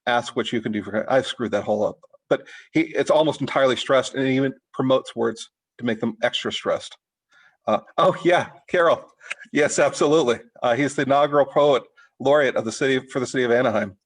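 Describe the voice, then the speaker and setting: A middle-aged man leading an informal writing workshop, talking in a halting way with many restarts and fillers. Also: medium pitch, poor audio. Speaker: writing teacher.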